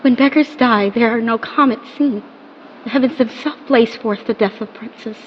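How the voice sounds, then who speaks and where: A woman's voice: a little high, moderate pace, a little hiss or hum, lightly acted. A woman playing an anxious, devoted wife of a Roman ruler in an audio drama, pleading with fear in her voice. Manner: pleading, fearful. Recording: dull lo-fi with long reverb.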